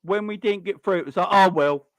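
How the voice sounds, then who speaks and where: A man's voice: sits high, steady tone, quick pace, no room sound. Exasperated man ranting about football. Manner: exasperated, repeats rhetorical questions. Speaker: football fan channel host. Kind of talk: fan reaction rant.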